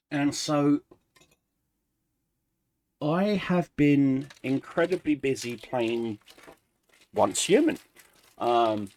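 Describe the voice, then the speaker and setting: A man chatting casually through a life update for his gaming channel, rambling and relaxed, pausing to snack. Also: on the high side. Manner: rambling, relaxed, eating snacks while talking. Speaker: gaming YouTuber.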